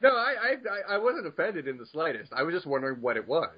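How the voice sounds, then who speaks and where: A man's voice: a little high, expressive, quick pace. A man from the United States co-hosting a podcast in an easygoing, stammering way. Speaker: podcast co-host. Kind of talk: casual podcast chat. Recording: dull lo-fi.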